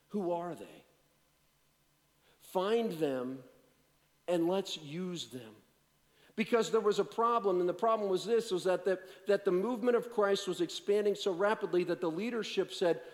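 A man preaching in a long-echoing hall, his voice sitting a little high for a man. He rises into emphatic, driving points, then drops to a hushed, joking, conversational storytelling tone. The warm humor is self-deprecating and plain-spoken. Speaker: pastor. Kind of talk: sermon with personal storytelling.

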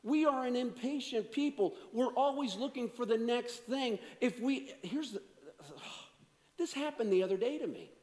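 A man preaching a sermon as a pastor, swinging from energetic to hushed delivery. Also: very high-pitched, measured pace, long reverb tail.

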